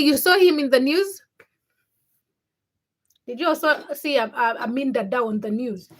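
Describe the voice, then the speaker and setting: A woman's voice: high voice, animated, moderate pace, pauses often, a bit bright. A young woman from Uganda hosting a casual livestream, reading viewer comments by name and teasing them. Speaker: livestream host.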